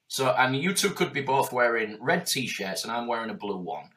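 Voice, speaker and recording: A middle-aged man with a Yorkshire accent, a business coach in casual podcast chat, animated and swearing as he acts out quoted voices. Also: mid-range voice, fairly quick, hardly any pauses. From Yorkshire, England.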